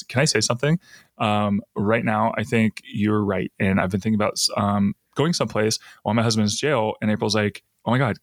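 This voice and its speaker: A man's voice: medium pitch, a bit bright, no echo, clean studio sound. A man hosting a podcast, casually recapping a TV episode and laughing often as he retells scenes. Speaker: podcast host.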